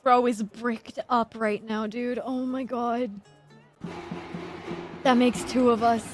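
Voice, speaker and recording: A young woman streaming a game, gushing and stammering with excitement as she reads the story aloud at a desk microphone. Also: a little high, slow, faint music behind. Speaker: VTuber streamer. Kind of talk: game playthrough with reaction and read-aloud narration.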